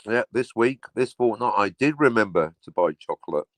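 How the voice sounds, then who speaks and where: A man's voice: lowish voice, animated, normal speed, no room sound. A man hosting a casual livestream, talking in a sardonic, sweary way and slipping into mock announcer asides. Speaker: livestream host.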